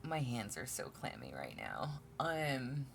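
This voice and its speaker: A woman with a very deep, low voice gives a casual tarot reading straight to camera. She talks bluntly and with exasperation, swears freely, and trips over her own sentences. A faint hiss sits under the recording. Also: wildly swooping pitch, slow pace, vocal fry. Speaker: tarot reader.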